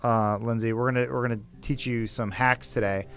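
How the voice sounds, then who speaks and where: A man's voice: mid-range voice, fairly even intonation, a little fast, fairly bright tone, smooth. A man co-hosting in casual chat, telling anecdotes with dry, laid-back jokes. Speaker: co-host.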